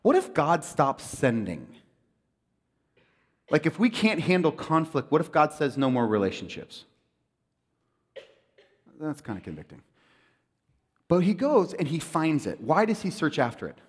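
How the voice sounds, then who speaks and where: Male pastor, high lively voice, jokey sermon delivery, long church-hall reverb. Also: normal speed, pauses often, slightly rough. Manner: animated, joking, acts out quoted voices.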